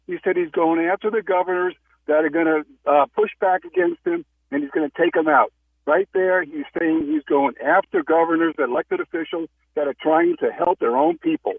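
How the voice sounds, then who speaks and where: A man's voice: a little high, moderate pace, slightly rough. Alarmed male caller on a tinny phone line. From Alaska. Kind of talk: phoned-in call to a radio show.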